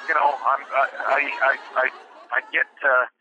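A man's voice: medium pitch, fairly even intonation, moderate pace, a crowd in the background, background noise. A man hosting a podcast, telling a casual story as a truck driver, rambling with lots of fillers and restarts. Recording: tinny phone-line sound.

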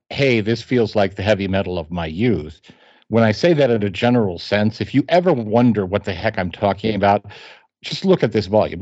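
Kansas-raised male podcast host, low voice, lo-fi dry sound, lively storyteller. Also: no room sound. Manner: animated, reads quotes aloud in voices. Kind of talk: casual podcast discussion. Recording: slightly dull lo-fi sound.

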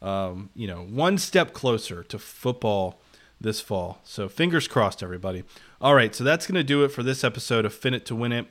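A man's voice: mid-range voice, lively intonation, moderate pace, fairly bright tone. A man co-hosting a casual sports podcast, his voice nasal and congested from being ill, upbeat as he plugs upcoming episodes. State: congested from illness. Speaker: podcast co-host.

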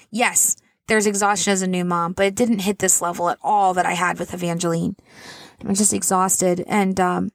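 A woman in her thirties, a mother of four, tells a personal story to camera in an earnest, rambling, casual way full of asides and fillers. Her mid-range voice is a bit bright, with no echo.

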